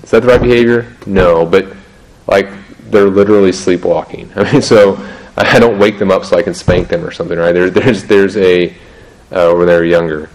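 A middle-aged man talking through parenting in a casual, halting way, restarting sentences often and laughing at himself. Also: low voice, steady tone, darkish tone, poor audio. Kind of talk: casual teaching talk on parenting.

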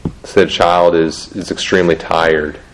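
A middle-aged man talking through parenting in a casual, halting way, restarting sentences often and laughing at himself. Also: low-pitched, level tone, background noise. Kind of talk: casual teaching talk on parenting.

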